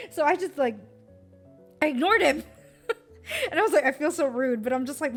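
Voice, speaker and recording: A woman's voice: sits high, animated, moderate pace, long pauses, a bit bright, faint music behind. A young American woman streamer chatting casually about a trip, giggly and full of fillers. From United States.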